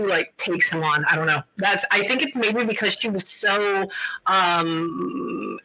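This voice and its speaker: Woman, psychic medium, live talk-show reading, halting, casual filler-heavy talk, sharp bright tone. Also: fairly low pitch, poor audio. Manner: halting, keeps pausing to say hold on; loose casual talk full of like and um.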